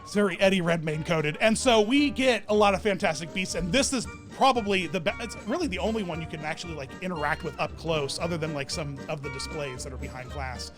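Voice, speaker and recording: Gushing high-voiced man. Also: brisk, hardly any pauses, over music. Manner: gushing, enthusiastic, rambling. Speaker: theme park vlogger. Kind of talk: casual ranking commentary.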